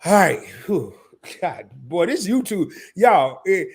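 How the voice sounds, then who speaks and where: A man's voice: sits high, big pitch swings, takes it slowly, slightly rough. A man in his fifties hosting a live stream, casual and emotional, sniffling and stammering through restarts as he talks. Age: 50s.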